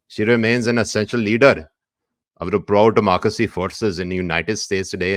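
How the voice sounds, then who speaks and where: A man's voice: sits low, no room sound, studio quality, natural voice. A man putting on a mock Pakistani accent to read a political statement aloud, in a mocking, theatrical way.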